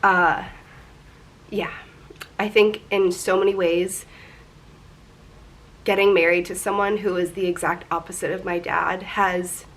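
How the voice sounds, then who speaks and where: A woman's voice: fairly low pitch, a bit bright. A woman in her twenties talking candidly and emotionally in a personal confessional vlog, rambling a little as she goes. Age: 20s. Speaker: vlogger.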